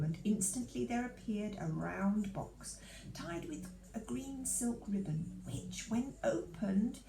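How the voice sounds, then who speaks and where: A woman reading a children's storybook aloud to a church audience in an expressive, lively manner. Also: medium pitch, creaky, reverberant, slight background noise, low-quality recording.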